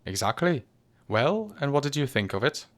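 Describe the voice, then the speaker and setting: A man voicing an irritable, agitated male professor in a storybook reading, speaking in a high, sharp, insistent voice. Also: big pitch swings, normal speed, close to an everyday voice.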